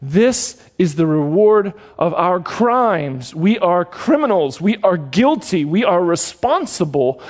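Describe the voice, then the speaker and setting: A man doing a hushed, repentant thief. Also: high-pitched, very animated, takes it slowly, few pauses, long reverb tail, heavily acted. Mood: earnest. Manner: hushed, earnest. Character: humble repentant male thief, solemn.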